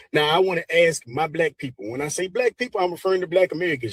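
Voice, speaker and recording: A man with a fairly high, husky voice talks straight at his listeners in an opinionated commentary. He is pleading and preachy in tone. The recording is dry. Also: expressive, fast, few pauses, no room sound. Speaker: co-host.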